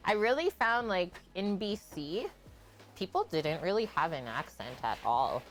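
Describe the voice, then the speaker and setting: A woman's voice: on the low side, sing-song, measured pace, faint music behind. Chatty woman streaming while she cooks. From Canada. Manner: chatty, thanks viewers by name, laughs often. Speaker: streamer cooking on a live stream. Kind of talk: casual live-stream chat while cooking.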